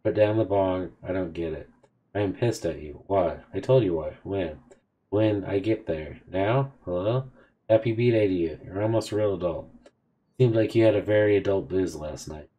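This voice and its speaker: Reading both sides of a text chat between game characters, a man hosting a game video keeps things casual and offhand. His voice sits low, his pace is moderate, and the audio sounds lo-fi.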